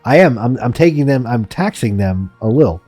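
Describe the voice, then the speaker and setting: Excitable, jokey man streaming a game. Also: mid-range voice, a little fast, husky, dry recording, soft background music. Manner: excitable, jokey, laughing often. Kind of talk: game commentary and reading.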